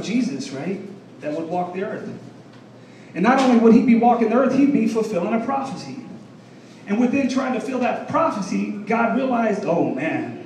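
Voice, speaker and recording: Comic, male, thirties, high voice, brash crowd-teasing delivery, miked from afar in a roomy club. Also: a little mellow, slight background noise. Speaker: stand-up comedian. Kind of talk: stand-up set. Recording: echoey room from far off, faint ambience.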